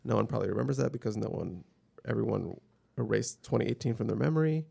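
Gravelly-voiced man chatting casually. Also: on the low side, lively intonation, fast talker, warm tone. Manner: easygoing storyteller, acts out quotes. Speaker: sports podcast co-host. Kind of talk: casual sports chat.

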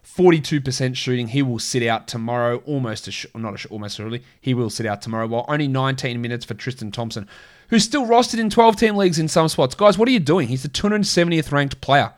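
A man with a crackly voice hosts a casual sports podcast at a middling pitch. He talks in a chatty, opinionated way and reels off numbers in quick lists. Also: lively intonation. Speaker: podcast host.

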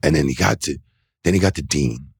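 In a casual interview on an indoor set, a middle-aged wrestling referee speaks fairly quickly, his extremely low voice creaky and slightly rough. His loose anecdotes are animated, studded with "you know" and "like," and he acts out the voices he quotes. The audio is echo-free and studio quality.

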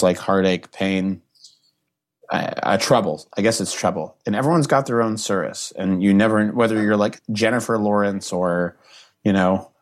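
A man with a low, deep voice chats as a comedian guest on a podcast. He talks earnestly and emotionally, stopping and restarting his sentences, leaning on fillers as he thinks aloud. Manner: halting, full of restarts and fillers. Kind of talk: casual podcast chat.

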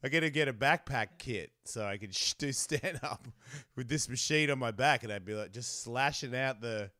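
A man's voice: mid-range voice, normal speed, pushed and bright, no room sound, clean studio sound. A man with an Australian accent hosting a casual show, laughing often and swearing freely. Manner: laughing, crude, swearing a lot. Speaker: host. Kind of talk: casual live show chat.

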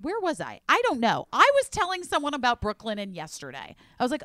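A woman podcast host reading ads in a casual, enthusiastic, chatty way, sometimes dropping to a quiet voice for emphasis. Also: high voice, wildly swooping pitch, fairly quick, few pauses, no echo. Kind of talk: casual chat ad read.

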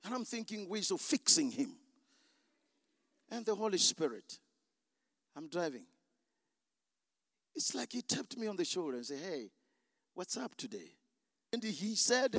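A man pastor preaching a sermon, telling a story dramatically, acting out the voices and bursting into shouts. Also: sits high, dry recording, clean studio sound.

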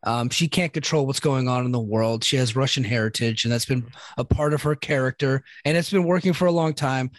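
Male co-host, casual chatty recap voice, mid pitch, dead-dry close mic. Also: fairly quick, no room sound. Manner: loose, chatty, many fillers and laughs. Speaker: podcast co-host recapping wrestling. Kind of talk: casual chat.

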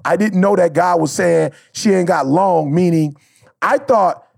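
A man's voice: sits high, measured pace, gravelly, darkish tone, breathy edge, dry recording, studio quality. A man co-hosting a podcast, talking in a casual, heartfelt way. He is emphatic and slangy and repeats his points. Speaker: podcast co-host.

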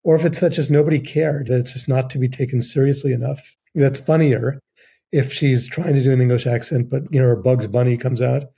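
A man's voice: medium pitch, steady tone, fairly quick, vocal fry, dark tone, breathy edge. A man who works as a writer, making wry points in a casual film discussion. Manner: wry, questioning asides.

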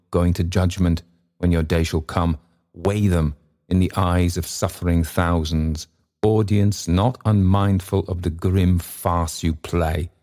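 A man voicing a grieving old male messenger who calls out in a high, plaintive voice. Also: dark tone.

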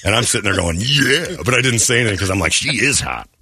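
A man's voice: on the low side, rapid-fire, pushed and bright, breathy edge, dry recording, studio quality. A man hosting a morning radio show, telling a story in casual banter and slipping into quoted voices.

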